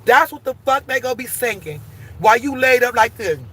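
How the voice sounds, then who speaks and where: A woman's voice: a little high, animated, a little fast, a bit bright, husky. A woman hosting a casual live stream, talking emphatically and with plenty of swearing, moving between heated outbursts and tender encouragement.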